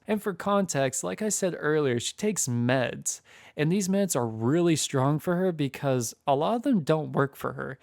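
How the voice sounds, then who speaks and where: A man's voice: on the high side, expressive, moderate pace, gravelly, a little mellow, no echo, studio quality. A young man telling a casual storytime tale, chatty, acting out what people said. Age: young adult.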